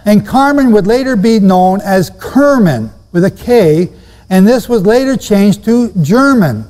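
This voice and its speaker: A man's voice: high voice, animated, a little slow, a little mellow. A man teaching Bible prophecy to a live audience, emphatic, repeating key phrases and quizzing his listeners. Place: room with a seated audience. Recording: long reverb of a hall.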